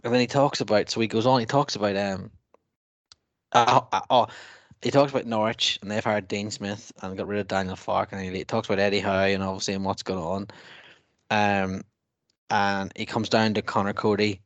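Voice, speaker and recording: A man's voice: on the low side, flat delivery, normal speed, dry recording, muffled recording. A man co-hosting a casual podcast chat, laughing often and mocking what he reads aloud. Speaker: podcast co-host.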